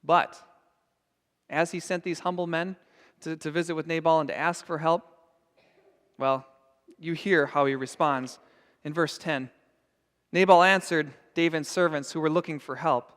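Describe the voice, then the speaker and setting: A man's voice: on the high side, fairly even intonation, unhurried, pauses often, fairly bright tone, long reverb tail. A man preaching a sermon as pastor, earnest and emphatic. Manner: earnest and emphatic, acting out scenes. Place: church sanctuary.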